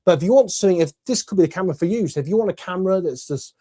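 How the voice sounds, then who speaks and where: Chatty man with a mellow voice. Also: high-pitched, animated, very fast. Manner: enthusiastic, chatty, many fillers. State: voice tiring from talking. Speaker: camera review YouTuber. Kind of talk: casual product review. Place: bedroom at home.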